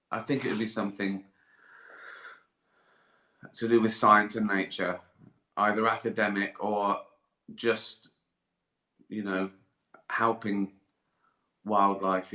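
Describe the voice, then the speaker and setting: A man's voice: fairly low pitch, pushed and bright. An older man, chatting casually on a live stream, rambling, swearing and laughing often. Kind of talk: casual chat. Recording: echoey room.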